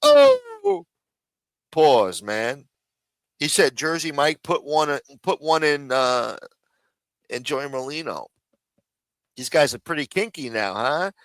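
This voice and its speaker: A man's voice: medium pitch, expressive, slow pace, pauses often, a bit bright, dry recording, low-quality recording. A man hosting a live stream, ranting and mocking in casual, profanity-heavy talk. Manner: profane, mocking, rambling rant.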